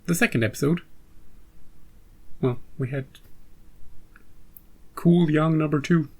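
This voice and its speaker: A man's voice: on the high side, takes it slowly, mellow. A man hosting a reaction channel, chatting casually with rambling asides and joking restarts.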